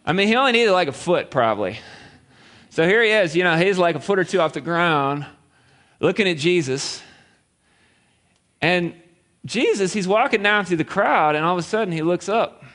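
A male pastor preaching with a lively, animated delivery that swings up and down. His voice sits a little high for a man, and he tells the story playfully, slipping into quoted voices. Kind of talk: sermon.

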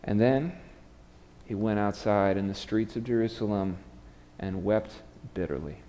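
Unhurried and dark-toned, this low-voiced pastor preaches in a big-room space with slight background noise. He tells the story dramatically, acting out the lines of the people in it with a raised voice.

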